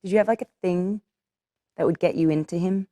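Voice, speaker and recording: A woman's voice: fairly low pitch, fairly quick, mellow, no room sound, clean studio sound. A woman in her thirties with an Australian accent, chatting casually with another actor and often using fillers and restarts. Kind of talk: casual conversation between actors.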